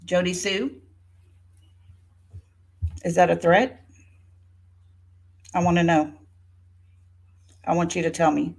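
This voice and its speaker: A woman's voice: fairly low pitch, fairly even intonation, takes it slowly, creaky, pauses often, a little mellow. A woman in her fifties giving an indignant, sarcastic rebuttal on her vlog, speaking straight to a rival by name. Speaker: YouTuber. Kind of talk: rebuttal vlog talking to viewers.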